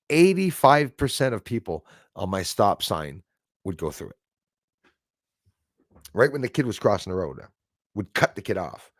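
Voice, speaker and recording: A Canadian man with a low voice hosts a casual livestream, telling rambling, digressive stories. He restarts sentences and drifts into asides. The sound is studio quality with no room noise.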